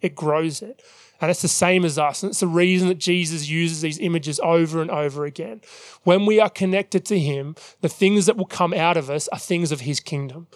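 Earnest pastor preaching with a higher voice. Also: male voice, dry recording, clean studio sound. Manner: earnest, measured preaching with frequent "um" fillers. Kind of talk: sermon.

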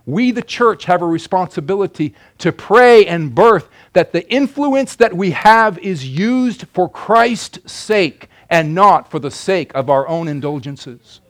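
High-voiced preacher with lilt. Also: male voice, expressive, a little slow, few pauses. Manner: emphatic preaching, swings between loud declarations and quiet asides. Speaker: pastor. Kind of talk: sermon.

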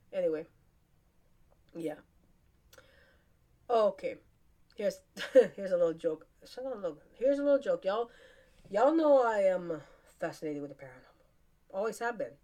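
A woman hosts her podcast as a casual solo chat, rambling and laughing frequently. Her voice is fairly low in pitch with a darkish tone.

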